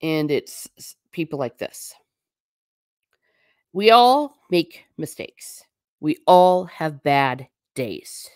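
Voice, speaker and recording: A woman's voice: deep voice, sing-song, extremely slow, no echo, studio quality. A woman hosting a casual livestream, talking through a topic and answering viewer comments, sometimes slipping into a stern teacher tone. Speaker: livestream host.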